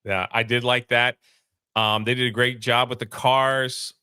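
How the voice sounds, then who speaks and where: A man's voice: mid-range voice, flat delivery, a little slow, bright, forceful tone, clear, resonant tone, no echo, clean studio sound. A man co-hosting a casual movie review chat, talking in a rambling, laid-back way with many fillers. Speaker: co-host of a movie review show.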